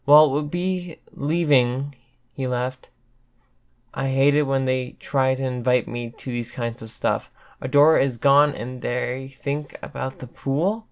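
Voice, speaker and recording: A man's voice: mid-range voice, fairly even intonation, unhurried, clear, resonant tone. A man reading a fanfic story aloud in plain first-person narration. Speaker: fanfic reader.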